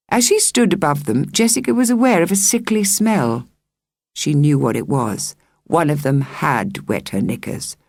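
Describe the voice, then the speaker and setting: A woman reading a children's novel aloud as an audiobook narrator, measured and expressive. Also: sits low, gravelly, no echo, studio quality. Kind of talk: scripted narration.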